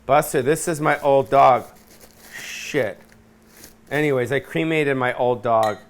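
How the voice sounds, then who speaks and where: A man's voice: mid-range voice, slow, slight background noise. A middle-aged man hosting a solo rant from his apartment, rambling and swearing, often losing his train of thought. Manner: scattered, profane, loses his train of thought. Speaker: host.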